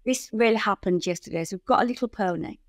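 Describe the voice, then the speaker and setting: A woman guest on a podcast interview, telling stories in an animated way and acting out the people in them. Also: medium pitch, fast talker, no echo. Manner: animated storyteller who acts out the people in her stories. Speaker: guest, founder of a riding centre.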